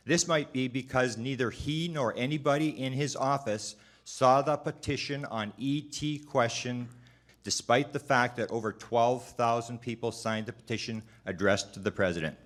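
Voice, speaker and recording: A man testifying at a public hearing, reading a prepared statement in a measured, formal way, now and then stumbling and restarting a word. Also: mid-range voice, fairly bright tone.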